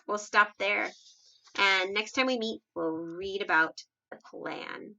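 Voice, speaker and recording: A woman reading a children's book aloud, steady storytelling with lively dialogue. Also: medium pitch, takes it slowly, lo-fi sound. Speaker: reader.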